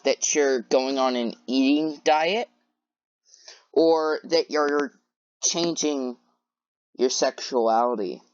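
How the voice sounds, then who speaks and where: A woman's voice: very deep voice, slow, long pauses, darkish tone, no room sound. A woman commentating on clips in a sarcastic, incredulous way, with many hesitant fillers. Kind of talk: reaction commentary. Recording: dull lo-fi dry recording.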